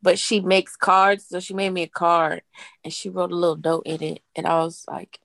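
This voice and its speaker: A woman co-hosting a casual chat, an animated storyteller who acts out quotes. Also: lowish voice, moderate pace, vocal fry, no room sound.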